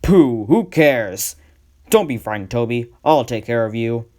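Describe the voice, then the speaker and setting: A man's voice: mid-range voice, expressive, measured pace, darkish tone, close to an everyday voice. A man voicing a boastful, impatient male tank engine in a storybook audio drama. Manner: impatient and blustering.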